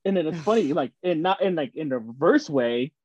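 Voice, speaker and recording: A man co-hosting a casual podcast chat, rambling through animated stories with lots of fillers. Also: fairly high pitch, a little fast, slightly rough, dry recording, highs cut off. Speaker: podcast co-host.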